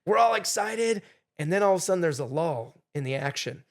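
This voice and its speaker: A middle-aged man telling a story as a podcast guest, animated, acting out what people said. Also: a little high, a little fast. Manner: animated storyteller, acts out quotes loudly. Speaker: game show contestant guest.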